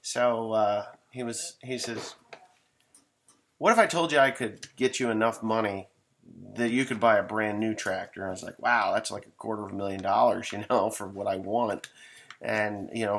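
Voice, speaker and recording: Middle-aged man, farmer type, low and gravelly, spins loose folksy yarns with casual cussing. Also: fairly even intonation, moderate pace, a bit bright, a little hiss or hum. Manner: rambling, folksy, swears casually. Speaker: farmer telling stories. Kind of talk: casual storytelling monologue.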